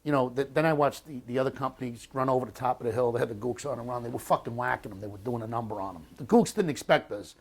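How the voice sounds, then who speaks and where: Blunt, halting man in his sixties. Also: mid-range voice, husky. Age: 60s. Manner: halting and blunt, with frequent restarts and profanity. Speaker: war veteran interviewee. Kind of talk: oral history storytelling.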